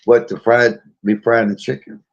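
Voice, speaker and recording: Gravelly man crying on a livestream. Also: mid-range voice, flat delivery, moderate pace, muffled recording. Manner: emotional, tearful, laughing through tears. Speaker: movie review livestream host. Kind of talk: casual livestream chat.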